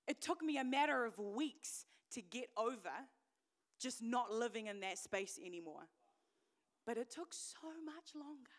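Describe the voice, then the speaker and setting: A woman preaching a sermon in a high voice, taking her time over every phrase. She moves from loud, emphatic declarations down to hushed whispers as she tells her own story with candid, self-deprecating honesty. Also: lively intonation, a little slow.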